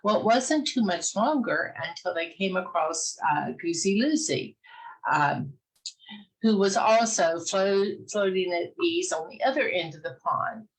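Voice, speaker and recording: A woman telling a children's fairy tale in a casual, gentle way, pausing often with "uh". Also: fairly low pitch, animated, rough recording. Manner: gentle, many "uh" pauses. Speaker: storyteller. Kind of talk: casual storytelling, reading a fairy tale aloud.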